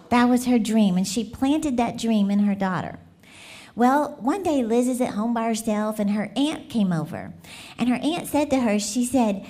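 A woman gives a church message, and her voice sits a little high. She tells stories with animated energy, breaks into laughter and puts questions to the congregation. She speaks as a guest preacher at the front of a church. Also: moderate pace. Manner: lively, laughing, animated storyteller who asks the crowd questions.

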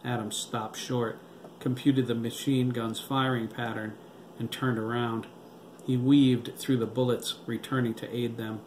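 A man reading his own novel aloud as audiobook narration, in a steady, even way. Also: medium pitch, a little slow. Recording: roomy with faint hiss.

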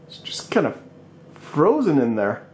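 A man's voice: a little high, huge pitch swings, measured pace, a little mellow. Rambling man in a noisy car. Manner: rambling, many fillers, self-correcting, chuckling. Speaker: vlogger. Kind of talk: casual chat while driving. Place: inside a car in town traffic. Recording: car and traffic noise behind.

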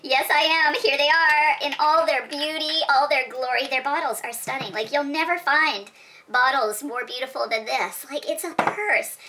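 A woman's voice: sits high, moderate pace, background noise, pitched above the performer's own voice, lightly acted. A woman voicing a gushing, over-the-top female perfume reviewer, dramatic and rambling with restarts.

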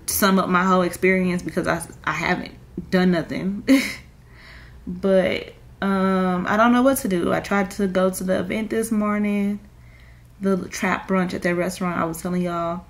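A woman's voice: lowish voice, level tone, a little slow. A young woman, crying and rambling in a confessional vlog with many fillers. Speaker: vlogger.

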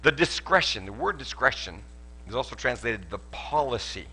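A man preaching a sermon at a church service, animated and joking as he tells stories. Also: mid-range voice, normal speed, slight background noise. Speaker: pastor.

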